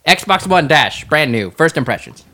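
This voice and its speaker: A man's voice: on the high side, measured pace. A man co-hosting a podcast, telling a work story in casual chat and laughing often. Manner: animated, laughs often while telling stories. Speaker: podcast co-host. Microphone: mic placed close to his mouth.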